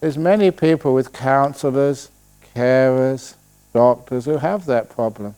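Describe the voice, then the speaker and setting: A man, a Buddhist monk, giving a relaxed dharma talk at a retreat, telling stories and answering questions with playful humor. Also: mid-range voice, clean tone. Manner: storytelling, playful, slows voice to demonstrate calm. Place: retreat hall.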